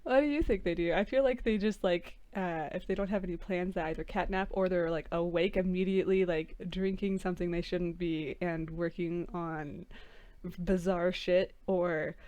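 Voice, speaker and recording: A woman's voice: lowish voice, fairly even intonation, moderate pace, a little mellow. Wry, laughing woman narrating role-play. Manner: wry, laughs often, drops into character quotes. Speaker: tabletop role-play player. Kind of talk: casual collaborative role-play with swearing.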